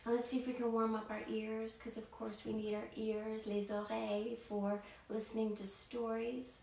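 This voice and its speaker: A woman's voice: a little high, flat delivery, moderate pace, vocal fry, warm tone, recorded from a distance. A woman storyteller who leads a playful, interactive show for children, talking straight to young viewers at home. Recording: echoey room, voice heard from off-mic, faint background hiss.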